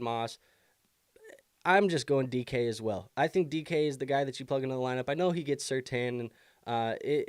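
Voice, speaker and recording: With a clear, resonant, medium-pitched voice, a young man answers viewer questions on his live fantasy football stream. He's casual and thinks aloud with plenty of fillers while struggling with the hiccups, and the studio-quality audio has no room sound.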